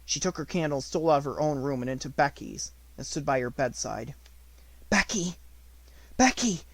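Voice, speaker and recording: A man reading an unabridged novel aloud as an audiobook narrator, with expressive storytelling. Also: medium pitch, fairly quick, gravelly, no echo.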